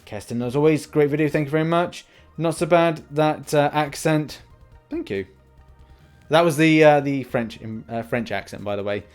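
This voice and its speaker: A man's voice: fairly high pitch, moderate pace, clear, resonant tone, soft background music. A young man hosting a gaming channel, chatting casually as he reads out viewer comments and answers them, with plenty of restarts and fillers. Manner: rambling, frequent restarts and fillers.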